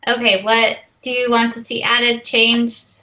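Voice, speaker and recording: Woman, crisp bright voice, tired, reading a draft aloud and asking others. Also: fairly high pitch, level tone, unhurried, rough recording. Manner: unsure, asking others for input. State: mentally tired. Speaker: study group member writing the summary. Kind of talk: casual group discussion.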